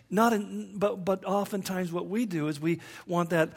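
A man's voice: sits high, fairly even intonation, normal speed, gravelly, breathy edge. A man preaching a sermon in a conversational way, with humorous asides and rhetorical questions.

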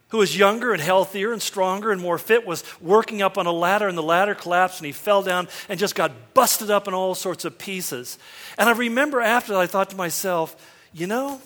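A man's voice: high-pitched, pushed and bright. A middle-aged man preaching a sermon, telling folksy, self-deprecating stories. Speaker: pastor. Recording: long hall reverb.

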